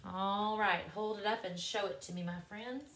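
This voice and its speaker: A woman's voice: medium pitch, fairly even intonation, normal speed, fairly bright tone, a little hiss or hum. A woman teaching young children to read clocks, with encouraging, sing-song questions. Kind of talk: classroom lesson to young students.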